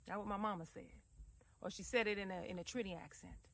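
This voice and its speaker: A woman's voice: mid-range voice, fairly quick, sharp tone, low-quality recording. A woman, likely in her thirties, vlogging from home in a loose, rambling, heartfelt way, calling her viewers fam. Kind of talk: casual reflective talk to camera.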